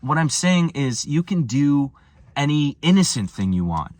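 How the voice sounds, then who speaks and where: A man's voice: unhurried, dry recording. A young American man telling travel stories and ranting about boredom in a loose, slangy vlog style. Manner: animated, slangy, swings from low mumbles to high exclamations. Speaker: vlogger. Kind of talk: casual storytelling rant.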